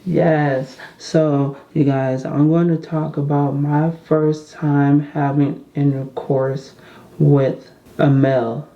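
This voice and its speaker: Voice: mid-range voice, flat delivery, takes it slowly, lo-fi sound. A vlogger telling a personal story in a casual storytime vlog, candid and chatty, often turning to talk straight to the viewers and repeating phrases.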